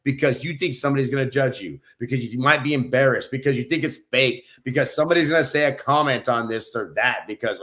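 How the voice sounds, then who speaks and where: Male co-host from New Mexico, mid-pitched, upbeat motivational podcast delivery. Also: fast talker, hardly any pauses, fairly bright tone. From New Mexico, USA. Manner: upbeat, pep-talk delivery. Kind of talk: motivational casual talk.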